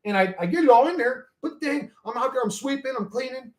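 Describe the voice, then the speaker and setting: A man with a notably high-pitched speaking voice rambles through a story in loose, casual chat. He swears constantly and keeps circling back on himself. His voice climbs and drops in excitable bursts as he gets worked up. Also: quick pace. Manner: excitable, rising and falling in bursts. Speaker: channel host.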